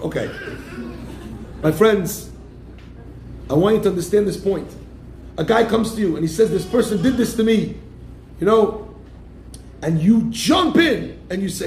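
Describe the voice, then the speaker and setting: Animated rabbi preaching in an echoey room. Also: male voice, high voice, a little slow, creaky, pauses often, slight background noise. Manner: animated, acts out the people he quotes; keeps addressing listeners as "my friends". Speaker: rabbi giving a class. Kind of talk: sermon.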